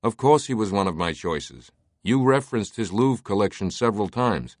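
A man voicing a harried, exasperated book editor with a brisk, incredulous manner. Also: on the low side, lively intonation, dry recording, clean studio sound.

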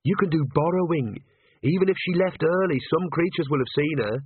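A man's voice: on the high side, fairly quick, breathy edge, dry recording, voice pushed up. A man doing a sarcastic young witch woman. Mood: pointed. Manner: pointed, dryly sarcastic. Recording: tinny phone-like audiobook recording.

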